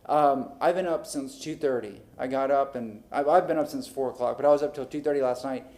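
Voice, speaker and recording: A male city council member airing his frustrations at a public meeting, talking in an animated way and acting out conversations, into a desk microphone in a council chamber. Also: medium pitch, fairly quick.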